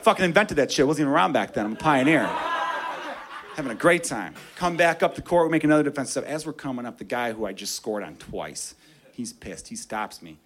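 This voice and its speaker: A man telling a stand-up story, profane and animated, dropping low and hushed then getting loud. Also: a little fast, noisy background. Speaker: stand-up comedian.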